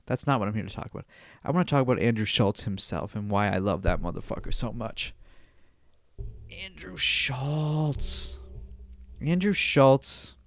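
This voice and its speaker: A man's voice: lowish voice, fast talker, hardly any pauses, dry recording. A young man hosting a podcast alone, ranting casually with lots of swearing and restarts. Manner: profane, rambling, repeats himself. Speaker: podcast host. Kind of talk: solo podcast rant.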